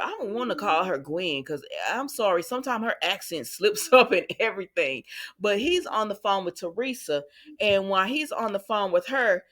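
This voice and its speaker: A woman's voice: mid-range voice, a bit bright. A woman hosting a casual soap opera recap, talking straight to her viewers in a chatty, sassy way.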